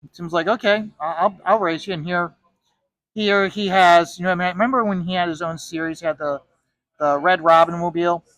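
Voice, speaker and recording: A man's voice: sits high, fairly even intonation, a little fast, a bit bright, no echo, low-quality recording. A man who is a comic artist, casually telling a story while he draws, rambling with frequent restarts and repeated words.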